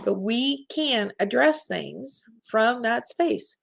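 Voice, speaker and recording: A woman's voice: on the high side, expressive, takes it slowly, gravelly. A middle-aged woman hosting a live spiritual talk show, speaking in an earnest, heartfelt way to her listeners.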